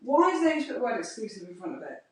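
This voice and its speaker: A woman, co-hosting a casual podcast chat as a mother, telling stories in an expressive, ranting way. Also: on the high side, very fast. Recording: echoey room, mic far off.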